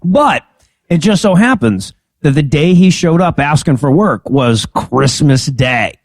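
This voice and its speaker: A man's voice: on the high side, expressive, a little slow, dry recording. A man co-hosting a comedy podcast, recapping a film's scenes and laughing often. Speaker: podcast co-host. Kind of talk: comedic movie-recap chat.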